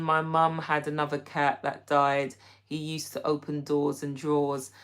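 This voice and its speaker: Hosting a live stream, a young woman from Britain reads the chat and replies to viewers by name, giggling and keeping things casual. Her voice is low-pitched with a slight brightness.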